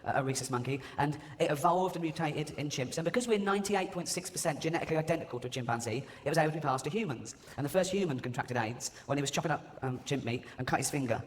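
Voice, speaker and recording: A comedian on stage, his voice lively and rather high as he mocks and swears his way through his set. Long hall reverb carries his words, and a loud crowd hums under everything. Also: fast talker, hardly any pauses, a little hiss or hum. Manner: mocking, swearing, mimics people. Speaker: stand-up comedian. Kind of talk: live stand-up comedy. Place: large live venue before an audience. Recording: echoey arena with loud crowd ambience.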